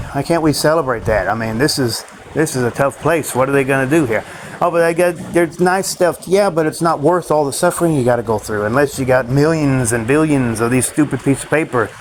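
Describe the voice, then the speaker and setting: A man's voice: medium pitch, low-quality recording. A man ranting in a rambling vlog monologue, frustrated and swearing often, with faint vehicle noise behind him. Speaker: vlogger.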